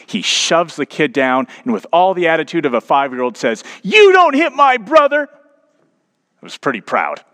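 A man's voice: on the low side, a bit bright. Man preaching a storytelling sermon. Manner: storytelling, rising to emphatic preaching. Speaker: pastor.

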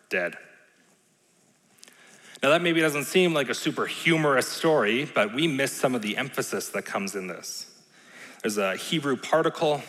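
A man's voice: mid-range voice, fairly bright tone. A man preaching a sermon in a conversational, playful way, often checking in with the room. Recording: long reverb in a large hall.

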